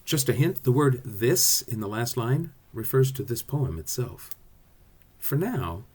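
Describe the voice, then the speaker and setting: A man teaching a recorded drama lesson, explaining verse in an expressive way. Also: mid-range voice, a little slow, husky.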